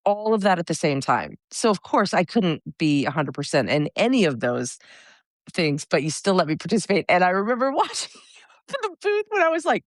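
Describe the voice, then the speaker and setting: A woman's voice: fairly low pitch, big pitch swings, fairly quick, dry recording, clean studio sound. A woman, a comedic stage performer, chatting as an interview guest, telling self-mocking stories and laughing often. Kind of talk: casual interview chat.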